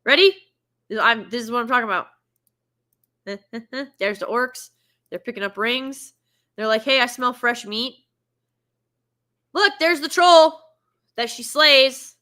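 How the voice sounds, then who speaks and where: A woman's voice: fairly high pitch, measured pace, pauses often, bright, forceful tone. A woman giving a casual film reaction review, sarcastic and exasperated as she rants.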